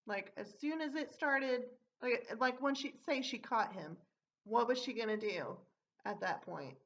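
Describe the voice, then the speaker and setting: A woman's voice: a little high, lively intonation, unhurried, a bit bright. A young woman telling a story from her old job in a casual, rambling way, with many fillers and some swearing. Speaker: vlogger. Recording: dull lo-fi audio.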